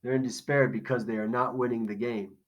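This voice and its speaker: A man walks through a poem in a recorded lesson. He talks casually, poses questions and then answers them himself, at a middle pitch. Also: fairly even intonation, fairly quick, rough recording. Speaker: teacher. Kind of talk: recorded classroom lesson walkthrough.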